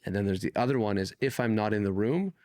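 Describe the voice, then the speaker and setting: A man from Canada, a guest on an interview podcast, telling stories in a casual, animated way. He swears freely and acts out the people in his stories. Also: fairly low pitch, fast talker, no room sound, clean studio sound. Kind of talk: casual conversational storytelling.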